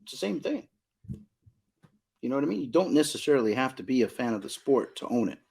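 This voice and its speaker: Middle-aged guy, husky voice, hammering home points, casual podcast chat. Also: medium pitch, sing-song, fast talker, a little mellow. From Southern California. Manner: emphatic, repeats points, asks "you know what I mean?". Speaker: card shop owner, guest.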